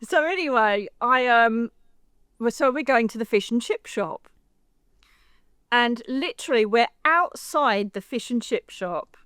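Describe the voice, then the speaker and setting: English woman, middle-aged, animated storyteller, clear smooth voice, close dry sound, acts out quoted lines. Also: a little high, a little slow, no echo. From United Kingdom. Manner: lively, acts out quoted voices, says "darling". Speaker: psychic medium guest.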